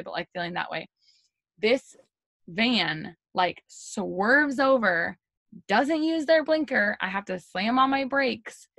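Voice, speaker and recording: A woman on a video call giving an energetic, chatty pep talk to her team, full of "like" and "you guys". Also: a little high, no room sound.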